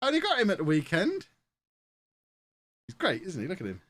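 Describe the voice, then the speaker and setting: An Englishman chats casually on a live stream in a fairly high, husky, fairly bright voice with huge pitch swings, speaking at normal speed on a close desk mic with no echo. Jokey and laughing often, he talks both to the people in the room and to the chat.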